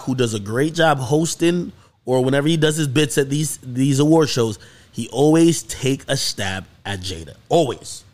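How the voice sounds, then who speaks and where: Animated, high-pitched male podcast host. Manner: animated storytelling, swearing, rising to high excited peaks. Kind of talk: casual podcast chat.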